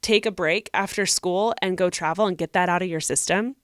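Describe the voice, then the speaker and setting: A woman's voice: lowish voice, a little fast, no echo, clean studio sound. A young woman co-hosting a podcast, giving earnest, encouraging advice in casual chat. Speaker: podcast co-host.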